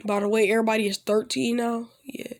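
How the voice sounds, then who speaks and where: A man's voice: high-pitched, flat delivery, quick pace. Rambling young man spinning a fan story. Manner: rambling, with frequent restarts and fillers like "basically" and "like"; acts out the characters' lines in a loose, offhand way. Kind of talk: casual fan-fiction storytelling.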